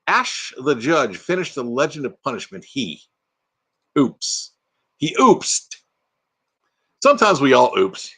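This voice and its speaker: Lively joking older Texan man. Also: medium pitch. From Texas. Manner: jokey, slips into silly bits and voices. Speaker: livestream host. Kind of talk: casual live chat.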